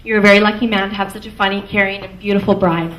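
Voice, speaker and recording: A young woman from Canada, acting as maid of honor, gives a lighthearted, affectionate toast in a wedding reception hall and chuckles between lines. Her medium-pitched, fairly bright voice is level in tone and fast. The recording is distant and echoey, with faint noise.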